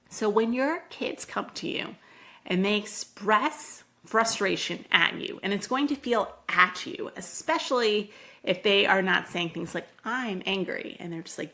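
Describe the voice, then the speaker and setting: Gravelly-voiced woman giving parenting advice. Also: medium pitch, moderate pace. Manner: calm, explanatory, acts out parent and child quotes. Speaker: parenting podcast host.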